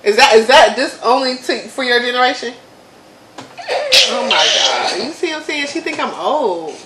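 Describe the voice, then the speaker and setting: A woman's voice: on the high side, normal speed, echoey room, heavy background noise. A woman in her thirties, hosting a casual chat and laughing often as she repeats words. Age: 30s. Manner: animated, laughing, repeats words to test them. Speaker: mother and channel host.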